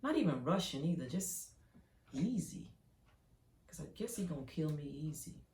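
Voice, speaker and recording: A woman performing an intense dramatic monologue, swinging from hushed to loud as she tells it. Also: sits low, expressive, normal speed. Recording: roomy, from a distance.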